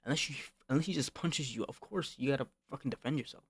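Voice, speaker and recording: A young male streamer tells a rambling storytime, full of slang, swearing and constant "bro"s. He circles back and restarts his thoughts, then climbs into heated outbursts. His voice sits at an ordinary pitch and sounds close and dry, with no room around it. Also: fast, breathy edge, no room sound. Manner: slangy, repeats himself, swears, calls the listener bro. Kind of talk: casual storytime rant.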